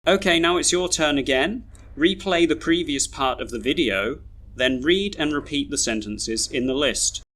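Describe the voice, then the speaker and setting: A man narrating a pronunciation lesson as teacher, speaking deliberately and repeating example sentences. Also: fairly high pitch, a bit bright. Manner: slow, deliberate, reads example sentences twice.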